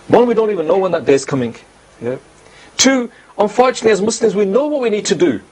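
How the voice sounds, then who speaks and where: A man's voice: sits high, expressive, fast, crowd noise, low-quality recording. A man hosting a religious talk show, speaking earnestly and stressing points by repeating them. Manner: earnest, storytelling with repeated emphasis.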